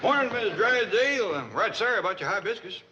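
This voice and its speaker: Sitcom: a plainspoken hillbilly patriarch, Southern drawl, animated, dull old soundtrack. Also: male voice, sits high, slightly rough, some chatter behind, heavily acted. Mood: folksy. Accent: rural Southern US. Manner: slow, folksy drawl. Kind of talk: 1960s sitcom acting.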